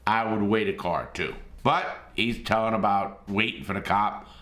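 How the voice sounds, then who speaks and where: A man's voice: fairly low pitch, moderate pace, a bit bright. A middle-aged man giving blunt, streetwise casual commentary as a host, swearing freely. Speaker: host reacting to gameplay.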